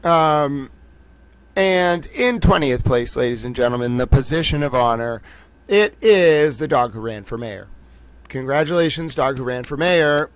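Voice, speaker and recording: A man's voice: mid-range voice, expressive, measured pace, smooth, no room sound. A man hosting a casual trivia livestream, playful and gushing as he chats with viewers. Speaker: livestream host.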